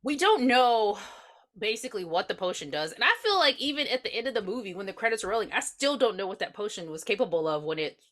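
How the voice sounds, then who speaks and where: A woman's voice: medium pitch, very animated, fast talker, fairly bright tone. A woman co-hosting a casual movie-review podcast, talking through plot points bluntly and with exasperation, swearing along the way. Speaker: podcast co-host. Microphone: podcast mic.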